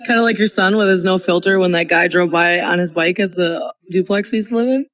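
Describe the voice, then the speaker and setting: A woman in her thirties co-hosting a casual podcast, chiming in with quick remarks. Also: lowish voice, a bit bright. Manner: chimes in with quick remarks and laughs along. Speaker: podcast co-host. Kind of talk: casual chat.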